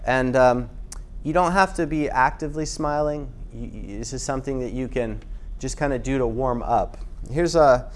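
A man's voice: mid-range voice, normal speed, slight background noise. A man teaching voiceover tips in a loose, casual talk with restarts.

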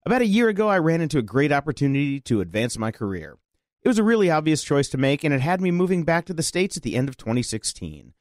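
Man, co-host reading listener mail, fairly high voice, very lively pitch, dry close sound. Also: quick pace, no echo. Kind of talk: reading listener letters aloud.

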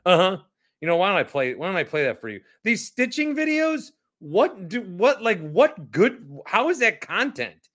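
A man's voice: high-pitched, huge pitch swings, normal speed, a bit bright. A man hosting a sports talk show, ranting in a casual, indignant and profane way, often repeating himself and turning sarcastic.

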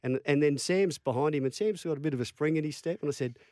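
A man's voice: on the high side, fast talker, no echo, studio quality. A man in his fifties with an Australian accent, a former footballer telling stories in an interview, acting out quotes and laughing at his own tales. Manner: animated yarn-spinner, acts out quotes, laughs at own stories. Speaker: former rugby league player, interview guest. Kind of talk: storytelling interview chat.

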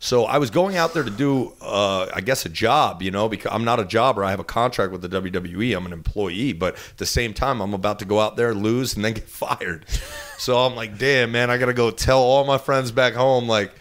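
A man in his thirties with a New Jersey accent, telling a lively story as an interview guest and acting out the quotes. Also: moderate pace. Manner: animated, acts out quotes with big pitch jumps.

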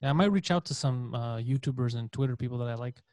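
Fast-talking, scattered man on a podcast. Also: mid-range voice, darkish tone, no echo. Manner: fast, scattered, swears casually. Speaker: comedian podcast host. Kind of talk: casual podcast chat.

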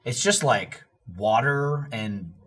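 A man on a casual group podcast, rambling excitedly with lots of filler words. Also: medium pitch, slow, crowd noise. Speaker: podcast regular.

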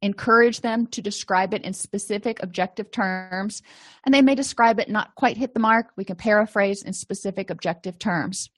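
A woman's voice: medium pitch, moderate pace. A woman teaching therapy skills to clinicians in a conversational way, often acting out short sample dialogues. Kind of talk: lecture to clinicians.

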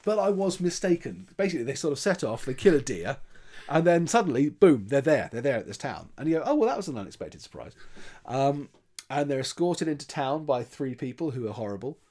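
A man's voice: medium pitch, expressive, brisk, darkish tone. A man chatting casually, retelling a film's plot with many restarts and quoted lines. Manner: chatty, rambling, with frequent restarts and voiced quotes. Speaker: podcast film reviewer.

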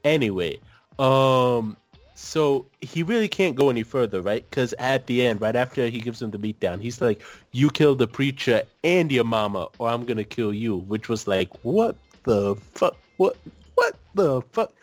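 A man's voice: mid-range voice, moderate pace, no room sound. A man co-hosting a podcast in casual chat, blunt and sarcastic, swearing freely. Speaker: podcast co-host.

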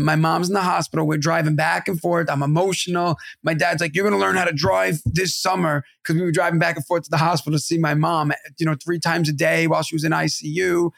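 A man in his thirties co-hosting a podcast, telling animated, profane family stories in casual chat. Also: fairly high pitch, creaky, no echo, studio quality. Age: 30s. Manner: animated, swearing, acts out family voices. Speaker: podcast co-host.

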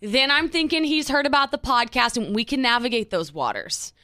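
A woman co-hosting a podcast, reacting with quick interjections and probing questions in a casual chat. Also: sits high, lively intonation, bright, forceful tone, no echo, studio quality. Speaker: podcast co-host.

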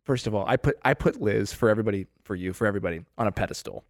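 A man's voice: lowish voice, racing, no room sound, clean studio sound. A man hosting a podcast, talking in an earnest, effusive and self-reflective way. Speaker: podcast host.

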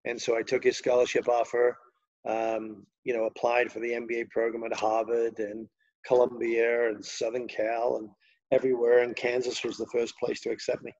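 A man's voice: mid-range voice, completely flat delivery, moderate pace, darkish tone, highs cut off. An older man from England with a Liverpool accent, telling long, rambling anecdotes with many fillers as an interview guest. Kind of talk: storytelling interview.

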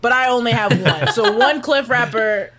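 A woman hosting a casual podcast chat, excitable and laughing often as she talks. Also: on the high side, moderate pace, over a noisy crowd. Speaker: podcast host.

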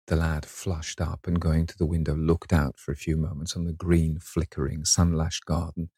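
A man narrating a classic novel in a measured, even reading voice. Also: no echo, clean studio sound. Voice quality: low gravelly husky voice. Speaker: audiobook narrator.

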